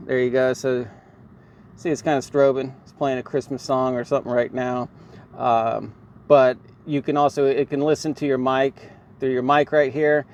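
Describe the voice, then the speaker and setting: A man's voice: medium pitch, darkish tone, highs cut off, slight background noise. A man talking casually in a how-to vlog from inside his car, rambling with lots of "um" and "right here" as he points things out. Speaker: car vlogger.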